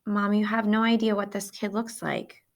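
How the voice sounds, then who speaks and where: A woman's voice: medium pitch, fairly even intonation, normal speed, creaky, natural voice. A woman reading aloud, voicing a sulky, blunt ten-year-old boy who protests a lot. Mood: protesting.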